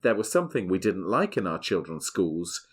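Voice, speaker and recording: Host, middle-aged man, lowish voice, reads a prepared script in a measured way. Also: very animated. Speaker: podcast host. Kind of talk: scripted podcast narration and family chat.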